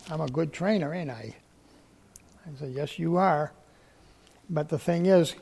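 A man preaching a folksy sermon, telling homespun stories and repeating himself, slowing down for emphasis. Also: fairly high pitch, creaky, mellow. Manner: homespun, repetitive, slows for emphasis.

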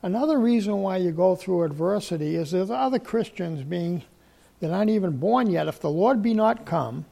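A man preaching a folksy sermon, telling homespun stories and repeating himself, slowing down for emphasis. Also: high-pitched, expressive, vocal fry, warm tone. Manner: homespun, repetitive, slows for emphasis.

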